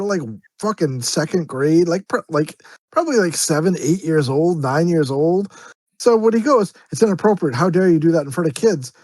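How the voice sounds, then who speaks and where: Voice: mid-range voice, darkish tone, no echo. A podcast co-host chatting casually about a film, loose and jokey with lots of fillers. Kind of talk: casual movie review chat.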